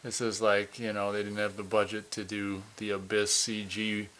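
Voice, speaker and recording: A man's voice: lowish voice, level tone, normal speed, fairly bright tone. A man co-hosting a casual episode review, rambling, often restarting sentences and laughing easily. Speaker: podcast co-host. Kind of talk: casual movie review chat.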